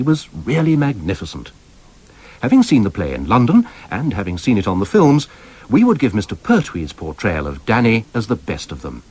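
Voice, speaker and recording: A man reading quotations aloud in an expressive, formal manner. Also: lowish voice, breathy edge. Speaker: reader of quotations.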